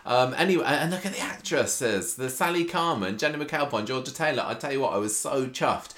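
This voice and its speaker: Chatty man, lively pitch. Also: fairly quick. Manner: chatty, hesitant with many ums. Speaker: podcast co-host. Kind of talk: casual podcast chat.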